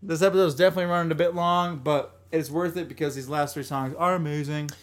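A male podcast host with a slightly higher voice, chatting casually about albums. He talks enthusiastically and rambles, restarting and repeating his phrases as he goes. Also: fairly even intonation, quick pace.

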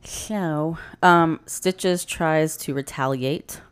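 Low-voiced, blunt, sweary woman. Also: extremely slow, clean tone. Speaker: podcast co-host. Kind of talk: casual movie recap chat.

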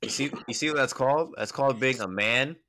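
Fast-talking, bright-voiced young man. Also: medium pitch. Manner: blunt, teasing, profane. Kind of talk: casual chat.

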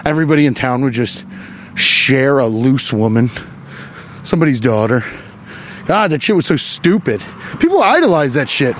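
Rambling, profane comic podcast host. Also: male voice, medium pitch, very animated, slight background noise. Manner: rambling and profane, quick asides. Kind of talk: comedic monologue.

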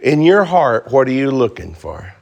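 A man's voice: mid-range voice, sing-song, normal speed, gravelly, darkish tone. A man teaching an interactive Bible class, joking and asking the class questions.

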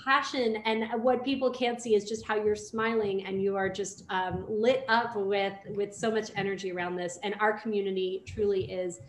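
A woman's voice: medium pitch, fairly even intonation, normal speed, hardly any pauses, a little hiss or hum. Effusive woman in a roomy space. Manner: effusive, full of praise. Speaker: podcast co-host. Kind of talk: casual interview chat. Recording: roomy echo.

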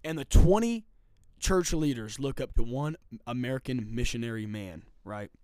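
A man's voice: medium pitch, lively intonation, normal speed, a little mellow, smooth, no echo. A man co-hosting a casual faith podcast, telling a story emphatically with repetition and swings in intensity.

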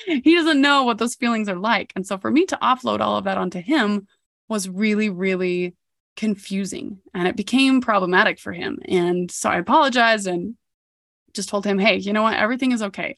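A woman's voice: mid-range voice, creaky, dry recording, studio quality. Candid woman telling a personal story. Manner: candid and reflective, with occasional laughs. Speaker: podcast host.

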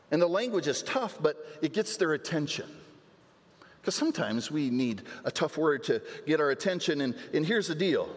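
Earnest pastor preaching in a reverberant hall. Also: male voice, a little high. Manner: earnest preaching with repeated words and restarts. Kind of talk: sermon. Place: church sanctuary. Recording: long church hall reverb.

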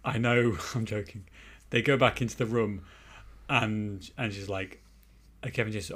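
A man's voice: fairly low pitch, fairly even intonation, normal speed, long pauses, fairly bright tone, husky. Male podcast host, loose and rambling, steers the talk. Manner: rambling, many restarts, leads the discussion. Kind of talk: casual chat.

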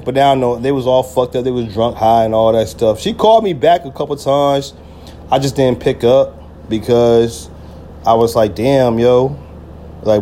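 Casting podcast host, man, mid pitch, casual profane storyteller, heavy slang, faint room hum behind him. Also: warm tone. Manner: loose and profane, heavy slang, many "you feel me" fillers.

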